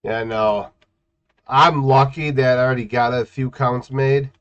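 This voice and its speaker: A man casually chatting while streaming a game, playful and teasing, with sudden loud outbursts and sing-song scatting. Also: mid-range voice, fairly even intonation, a little slow. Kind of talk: casual gaming stream chat. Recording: muffled lo-fi stream audio.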